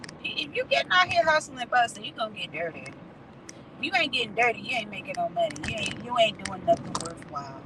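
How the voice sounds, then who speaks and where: Woman vlogger, frank and salty casual chat, phone mic in a car, steady road noise under her voice. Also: fairly high pitch, quick pace. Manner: candid, swearing, laughing, colloquial. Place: in a car at night.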